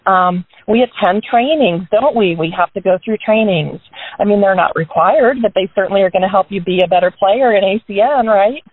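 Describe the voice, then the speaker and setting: A woman's voice: medium pitch, brisk, no room sound. A woman talks her team through a casual motivational pep talk from a parked car. She is chatty and upbeat and keeps turning statements into questions for her listeners. The sound is narrow and tinny, like a phone line, and dry, with no room around it. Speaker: business team member giving a motivational talk on a group call.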